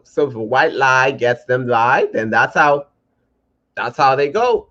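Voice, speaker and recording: Animated man on a lo-fi podcast. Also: medium pitch, unhurried. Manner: animated, playful, mock-indignant. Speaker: podcast co-host. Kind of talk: casual podcast banter. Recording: dull lo-fi podcast audio.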